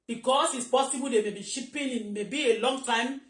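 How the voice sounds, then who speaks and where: A woman's voice: a little high, brisk. Agitated Nigerian woman venting on live stream. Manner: rambling, repetitive, agitated, switching into Yoruba at times. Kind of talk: emotional live-stream monologue. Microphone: phone. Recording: echoey room.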